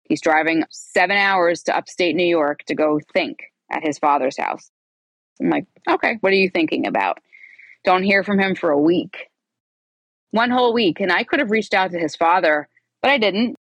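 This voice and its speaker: A woman in her forties, a podcast guest, telling her own story in a candid, animated way and acting out the dialogue. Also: lowish voice, moderate pace, dry recording. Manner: animated, acts out quoted dialogue.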